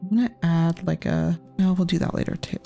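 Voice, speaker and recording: A woman's voice: on the low side, fairly even intonation, fairly quick, vocal fry, dark tone, faint music behind. A woman chatting casually on a live stream as she paints, thinking aloud and rambling with lots of filler words. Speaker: artist and cast member drawing on a live stream.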